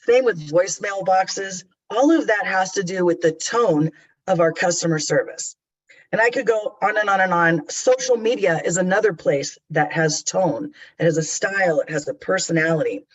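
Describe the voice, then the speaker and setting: High-voiced middle-aged man, chatty trainer. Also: moderate pace, low-quality recording. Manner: conversational, chatty and candid. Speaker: customer service trainer. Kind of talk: webinar presentation.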